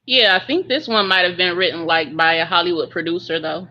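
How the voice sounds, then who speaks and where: A woman's voice: fairly low pitch, brisk, pushed and bright. A woman calling into a livestream, speaking in a dry, sarcastic manner. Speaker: caller on livestream. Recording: dull remote call audio.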